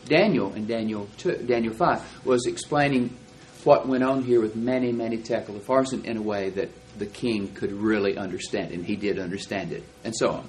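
A man teaching a Bible class, explaining verses and reading them out slowly and deliberately. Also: on the low side, darkish tone, a little hiss or hum, rough recording.

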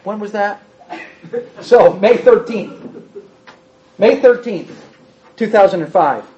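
A man's voice: sits high, expressive, slow. A man preaching a sermon, hammering points home through repetition and quizzing his congregation. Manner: emphatic, repetitive, rises to forceful outbursts; asks the congregation questions. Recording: dull, muffled sound.

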